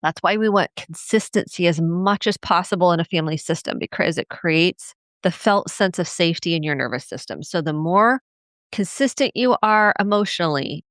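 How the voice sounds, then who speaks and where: A woman's voice: normal speed, a bit bright, no echo, clean studio sound. A middle-aged woman, a family therapist, hosting a solo podcast and talking earnestly and reflectively about family life. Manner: earnest, reflective, acts out quoted parents in a higher voice.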